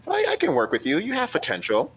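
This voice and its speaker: A man's voice: fairly high pitch, wildly swooping pitch, quick pace, a bit bright, a little hiss or hum, pitched above the performer's own voice, poor audio. A man voicing a distracted, blunt female weapon-smith teacher who sizes students up bluntly. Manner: absent-minded, then bluntly critical.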